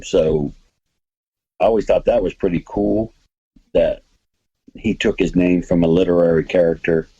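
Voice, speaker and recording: A man's voice: low voice, steady tone, unhurried, long pauses, warm tone, slightly rough, highs cut off. A man hosting a podcast, chatting casually and rambling enthusiastically about comics and movies. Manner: rambling, enthusiastic, many restarts. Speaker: podcast host.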